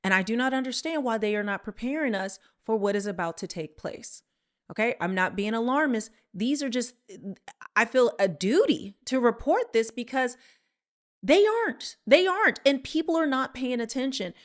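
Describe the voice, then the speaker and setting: A woman's voice: fairly high pitch, lively intonation, normal speed. A woman hosting her channel, talking straight to viewers with earnest urgency and sarcasm. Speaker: channel host. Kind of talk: alarmed commentary to viewers.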